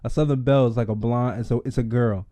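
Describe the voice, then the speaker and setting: A man's voice: medium pitch, fairly even intonation, fast, dark tone, no echo. A man co-hosting a podcast in casual chat, laid-back, laughing often and chiming in with short replies. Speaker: podcast co-host. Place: podcast studio.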